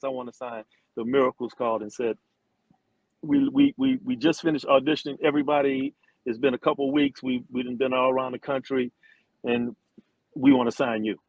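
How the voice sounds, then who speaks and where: At normal speed, a middle-aged man who played football and sings tells a lengthy story in a casual interview, imitating quoted voices and often starting sentences over. His mid-pitched voice sounds animated. The recording is dry, close, and rough.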